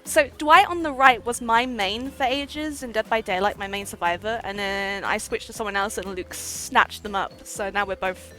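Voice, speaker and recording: A woman's voice: medium pitch, moderate pace, hardly any pauses, fairly bright tone. A woman streaming a game live, chatting playfully with viewers, giggling often, and reading the game's text aloud. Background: faint game music.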